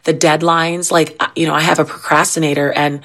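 A woman's voice: low voice, little pitch movement, brisk, a bit bright. A woman and mother, a podcast guest, chatting casually with candid, joking asides. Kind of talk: casual chat.

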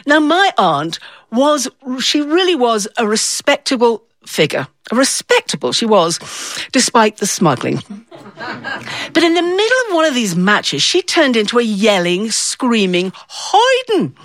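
A woman from the north of England telling a personal story in an animated, theatrical way. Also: a little high, a little slow, no room sound. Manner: animated, theatrical, with playful voices.

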